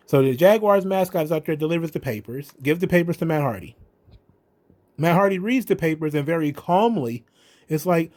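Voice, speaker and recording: Animated and a little mellow, a man with a slightly high voice hosts his own wrestling commentary show at a moderate pace. He keeps things casual, with blunt, sarcastic and profane comments.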